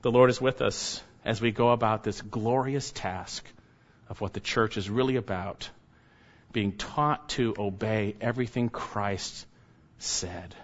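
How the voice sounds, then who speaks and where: A man preaching a sermon as a pastor, emphatic, firing off rhetorical questions and letting his closing words fall soft and low. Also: a little slow. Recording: slightly dull lo-fi sound.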